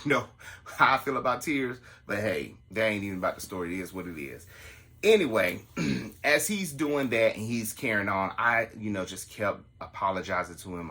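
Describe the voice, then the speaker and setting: Animated storytelling man, bright voice. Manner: animated, acts out the quotes in a higher voice. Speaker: podcast host telling a story. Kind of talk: casual storytelling to listeners.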